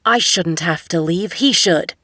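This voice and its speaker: A woman voicing a guarded young billionaire man who speaks softly and intimately. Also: fairly low pitch, a little slow, dry recording, clean studio sound. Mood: angry.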